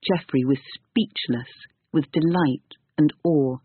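A man narrating a storybook reading in a measured, expressive way, on a tinny narrow-band recording. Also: fairly high pitch, breathy edge, no room sound.

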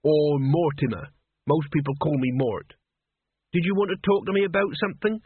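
A man's voice: fairly high pitch, normal speed, slightly rough, no room sound. A man reading an audiobook, voicing a mild, polite teenage boy who answers patiently. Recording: tinny lo-fi phone-like audio.

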